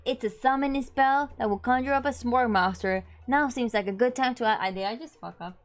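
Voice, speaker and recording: A woman's voice: on the high side, fairly quick. A young woman streaming herself reading a dating sim aloud, playful and giggly, reacting to the text as she goes, with faint game music behind her.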